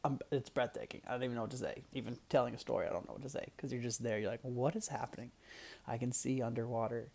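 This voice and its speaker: A young man casually telling a personal story to the camera, animated and laughing, dropping now and then to hushed asides. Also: mid-range voice, quick pace, vocal fry.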